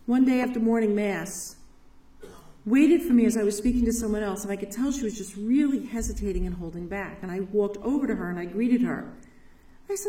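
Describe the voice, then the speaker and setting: An enthusiastic woman gives an inspirational church talk, telling stories with laughs along the way. Her voice is mellow and warm, and it is picked up from a distance in a roomy, echoey hall. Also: fairly high pitch, brisk. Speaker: parish ministry speaker.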